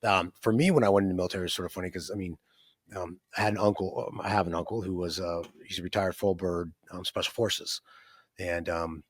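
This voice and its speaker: A man's voice: deep voice, fairly even intonation, fast talker, no echo. A man in his fifties, an entrepreneur guest, telling his life story in a rambling, conversational way with many fillers and tag questions. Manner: rambling, many fillers and restarts, frequent "right?".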